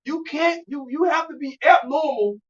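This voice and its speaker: A man from Louisiana with a Louisiana accent, preaching loudly and profanely in a street teaching discussion, often shouting. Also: extremely high pitch, moderate pace. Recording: distant dull recording.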